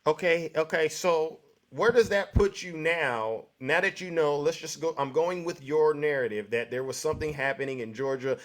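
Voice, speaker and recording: Man, talk show host, slightly high voice, pushy, rhetorical, interrupts callers. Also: moderate pace, few pauses, fairly bright tone. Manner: pressing, rhetorical, asks "right?" often. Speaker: host of a live political call-in show. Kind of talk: argumentative debate with a caller.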